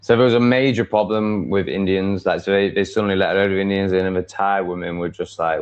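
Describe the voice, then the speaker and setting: A man's voice: sits low, fairly even intonation, quick pace, few pauses. English male streamer, loose and profane, trips over his own sentences; slightly muffled recording. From England. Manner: swears freely, restarts sentences, laughs often. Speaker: live streamer. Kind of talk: rambling live-stream chat, reacting to comments.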